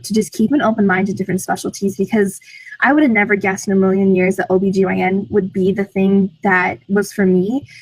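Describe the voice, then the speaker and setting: A woman's voice: medium pitch, darkish tone, breathy edge, no room sound, low-quality recording. A teenage girl eagerly recounting her experiences in an interview, using lots of "like" fillers. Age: teens. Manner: enthusiastic, frequent "like" fillers. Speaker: program alumna. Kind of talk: interview answers.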